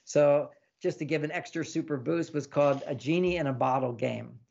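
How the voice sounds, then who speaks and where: A man with a slightly high, gravelly voice talks through relationship advice as an interview guest. He is animated and keeps slipping into little acted-out quotes with a laugh. The sound is dull and lo-fi. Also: normal speed. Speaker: relationship author and podcast guest. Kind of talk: casual advice talk in an interview.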